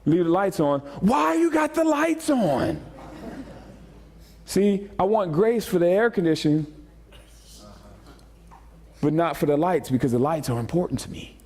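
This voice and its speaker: A man preaching a sermon as pastor, joking and animated, repeating phrases as he speaks to the congregation. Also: on the high side, moderate pace, pauses often. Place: church sanctuary.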